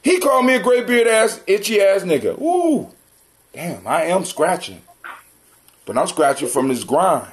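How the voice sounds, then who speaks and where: A man's voice: high voice, sing-song, normal speed, few pauses. A middle-aged man hosting a livestream, ranting in a profane, confrontational and mocking way. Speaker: livestream host. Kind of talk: heated livestream rant.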